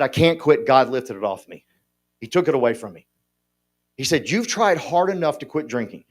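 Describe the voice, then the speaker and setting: Folksy joking man, motivational speaker. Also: on the high side. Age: 50s. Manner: folksy, joking, talks to audience. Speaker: conference speaker. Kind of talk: motivational speech. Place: conference hall.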